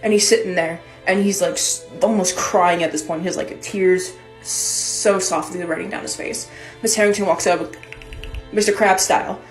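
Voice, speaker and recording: A young woman telling a personal story in a casual, animated way, chatty and swearing freely. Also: fairly low pitch, normal speed, reverberant, faint music behind.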